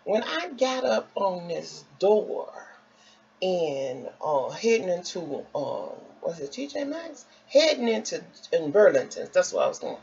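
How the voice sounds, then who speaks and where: A woman vlogger tells a story in a lively voice that swings up and down a lot. Her voice has a gravelly, fry-heavy texture. The recording is dull and lo-fi, with faint background noise. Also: lowish voice, measured pace. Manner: animated, expressive, acts out quotes. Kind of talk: casual storytelling.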